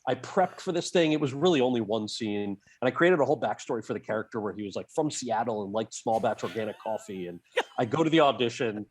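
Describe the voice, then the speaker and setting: A man in his forties telling an animated anecdote as a guest, laughing and acting out the people in it. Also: mid-range voice, quick pace, slightly rough, dry recording. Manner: animated, laughing, acts out quoted voices. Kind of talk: storytelling anecdote.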